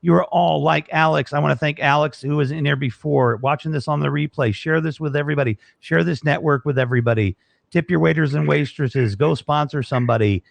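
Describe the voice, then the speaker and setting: Gravelly-voiced man hosting a live show. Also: fairly high pitch, brisk, no room sound. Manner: rambling, grateful, joking. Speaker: show host. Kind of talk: casual live-stream sign-off chat. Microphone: studio microphone.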